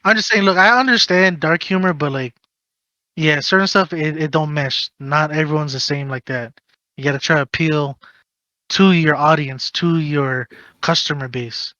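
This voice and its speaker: A man's voice: a little high, moderate pace, bright, forceful tone, no room sound, highs cut off. A man hosting a casual podcast, ranting animatedly and swearing while giving advice. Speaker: podcast host.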